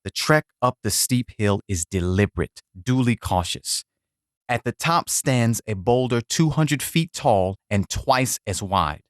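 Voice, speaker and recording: A man reading a veteran's war essay aloud as scripted narration, grave and measured in short clipped phrases. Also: mid-range voice, animated, no echo, clean studio sound.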